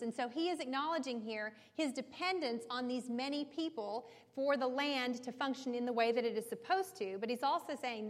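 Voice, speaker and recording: A woman leads a Bible study lecture in a slightly high voice, explaining passages conversationally and checking in with her listeners. Her voice carries a long hall reverb. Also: normal speed, few pauses.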